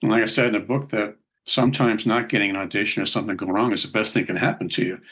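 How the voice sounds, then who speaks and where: Older guy, husky low voice, rambling and chuckling thru his stories. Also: fairly even intonation, fast talker, fairly bright tone. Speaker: guest musician. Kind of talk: casual interview storytelling.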